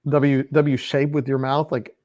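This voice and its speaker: A man hosting a casual book club podcast chat, playful and rambling, often trailing off quietly. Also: medium pitch, flat delivery, a little slow, a crowd in the background. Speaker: podcast host.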